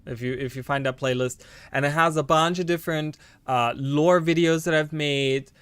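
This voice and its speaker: A man's voice: a little high, fairly even intonation, moderate pace, fairly bright tone, smooth, no room sound. A man streaming a game live, rambling to his viewers with bursts of delighted exclamations and casual swearing. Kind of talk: casual live gameplay commentary.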